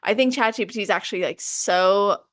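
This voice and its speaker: A woman hosting a podcast interview, upbeat and animated, talking quickly with lots of "like". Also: mid-range voice. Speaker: podcast host. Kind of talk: casual interview chat.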